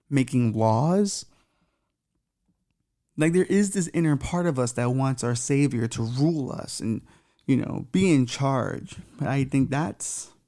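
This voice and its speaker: A man's voice: mid-range voice, dark tone. A man co-hosting a podcast, reading news aloud in a casual, irreverent way, with profane jokes and stumbles over unfamiliar names. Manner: irreverent, joking asides with profanity. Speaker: podcast co-host.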